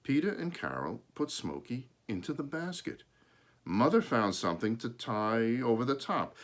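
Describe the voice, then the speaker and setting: A man reading a children's story aloud in an animated way, pausing to talk about the pictures. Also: mid-range voice. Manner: animated, pauses to point at pictures. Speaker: storybook reader.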